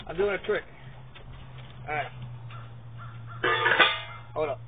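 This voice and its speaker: A man's voice: on the high side, slow. A man giving rambling, casual commentary as he handles dogs in a pen outdoors, repeating words and grunting with effort. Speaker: vlogger showing dog handling. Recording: tinny phone-like audio, faint noise.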